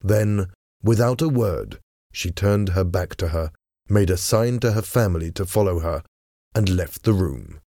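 Man, deep voice, scripted storybook narration, measured and even, dry close sound. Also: dry recording.

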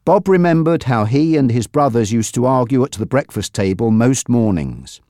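A narrator reading a simple storybook in a clear, measured way. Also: medium pitch, lively intonation, mellow, no echo, clean studio sound. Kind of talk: graded-reader audiobook narration.

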